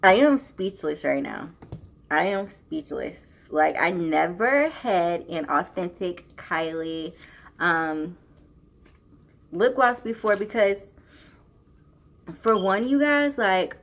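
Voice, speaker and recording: A young woman gushes through a beauty unboxing, her pitch swooping up and down as she exclaims over each item. She takes her time, drawing her words out slowly between bursts of excitement. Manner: gushing, exclamatory, repeats "y'all" and "oh my God". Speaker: beauty vlogger.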